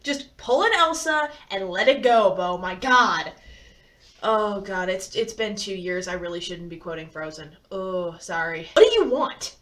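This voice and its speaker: A young woman from Michigan reading a novel aloud and commenting on it with sarcasm, animated and prone to swearing. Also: on the low side, a little slow, distant mic. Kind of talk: sarcastic read-along commentary.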